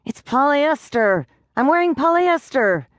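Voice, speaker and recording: A woman's voice: high-pitched, sing-song, unhurried, dry recording, clean studio sound, pitched above the performer's own voice. A woman voicing a tiny, fussy male pixie who whines and complains. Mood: whiny. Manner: whiny, complaining.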